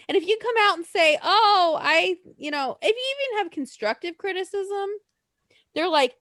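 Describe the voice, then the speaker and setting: Casting: excitable woman co-host, high voice with big swings in pitch, dry close sound. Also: normal speed, no room sound. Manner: swearing, excitable, laughs often, lively and chatty. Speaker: podcast co-host. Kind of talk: casual chat.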